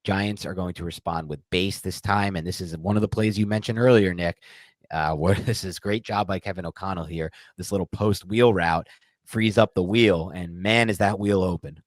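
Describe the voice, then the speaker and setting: A young man co-hosting a casual sports podcast, analyzing game film in an animated way and slipping into mock voices. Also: deep voice, moderate pace, dry recording. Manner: animated, mimics voices in quotes. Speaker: podcast co-host.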